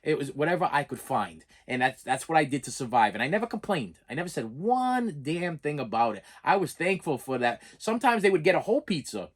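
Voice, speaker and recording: A man's voice: a little high, sing-song, fairly quick, few pauses, husky. A middle-aged man telling a personal story to his channel, plain-spoken and emphatic, rambling, repeating phrases and restarting his sentences. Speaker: channel host.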